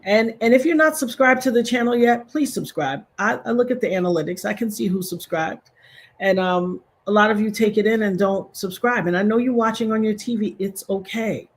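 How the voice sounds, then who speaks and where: A woman's voice: medium pitch, a little fast. A woman hosting a casual livestream, talking straight to her viewers in an effusive, churchy way and praising God. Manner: addresses viewers directly, rallying likes. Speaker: livestream host.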